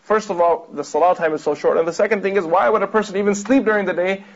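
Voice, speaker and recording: High-voiced fast-talking male teacher. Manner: explanatory, asks the audience rhetorical questions. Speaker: religious teacher. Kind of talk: lecture commenting on a read text. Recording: dull lo-fi recording.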